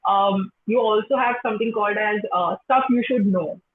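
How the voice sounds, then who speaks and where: A woman's voice: mid-range voice, normal speed, a little hiss or hum. A young woman with an Indian English accent, a teacher answering interview questions in a chatty way, full of "you know". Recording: echoey phone-like call line.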